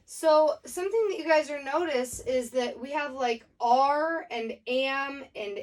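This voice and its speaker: Woman, teacher, casual step-by-step lesson, filler words, slightly higher voice. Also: a little slow, distant mic. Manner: chatty, explaining step by step with fillers. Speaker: Spanish teacher.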